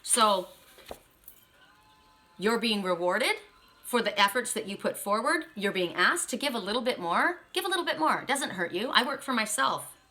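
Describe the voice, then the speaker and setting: A woman's voice: a little high, expressive, moderate pace, sharp tone, faint music behind. A woman doing a casual spiritual card reading, chatty and emphatic, often checking in with "right?". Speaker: tarot card reader.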